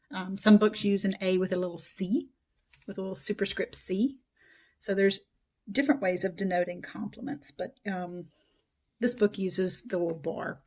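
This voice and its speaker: A woman, a math instructor giving a recorded lecture, her voice a little hoarse and froggy, chatty and explanatory with plenty of fillers. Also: medium pitch, darkish tone.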